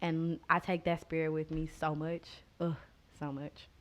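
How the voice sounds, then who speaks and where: A woman from Oklahoma who is a guest on the show, reading a poem and telling comic stories in a loud, animated way. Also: sits low, measured pace. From Boley, Oklahoma.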